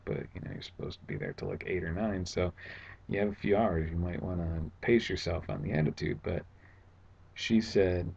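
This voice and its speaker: A man's voice: low voice, gravelly, darkish tone, muffled recording, a little hiss or hum. A man telling a story in a casual home vlog, recounting his frustrations in a sarcastic, exasperated way. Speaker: vlogger. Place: at home indoors.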